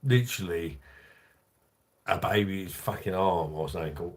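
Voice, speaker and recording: A man's voice: sits low, expressive, normal speed, husky. A man, drunk, hosting a crude, rambling livestream chat and reading out viewer comments. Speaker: livestream host.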